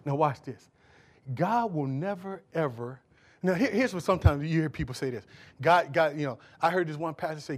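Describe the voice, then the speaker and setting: High-voiced male pastor preaching. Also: a little fast. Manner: call-and-response preaching, swings from loud to hushed. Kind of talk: sermon.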